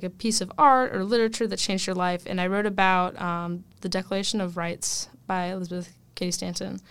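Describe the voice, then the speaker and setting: Young adult woman, casual interviewee, smooth yet gravelly tone, lots of fillers and laughter. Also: medium pitch, no echo. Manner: chatty, many fillers and laughs, animated. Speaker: student guest.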